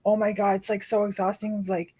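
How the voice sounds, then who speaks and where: A woman co-hosting a podcast, chatting in a relaxed way with many filler words. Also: mid-range voice, fast, slightly rough. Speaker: podcast co-host. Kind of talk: casual chat.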